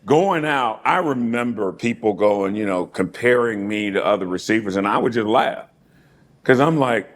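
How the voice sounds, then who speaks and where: Middle-aged man, interview guest, lively reminiscing, frequent laughter, repeated words. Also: on the low side, moderate pace. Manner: animated storyteller who laughs often and repeats words. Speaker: interview guest, former pro football player. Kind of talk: casual reminiscing conversation.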